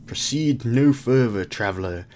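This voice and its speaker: A man reading the lines of a sad male cave creature who was once a wizard, in slow, halting speech. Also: mid-range voice, lively intonation, a little mellow, close to an everyday voice. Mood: mournful.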